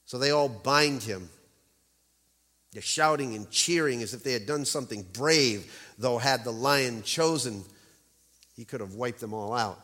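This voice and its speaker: A man's voice: mid-range voice, unhurried, pushed and bright, big-room sound. A man preaching a sermon in a church, telling a story dramatically and stressing key words.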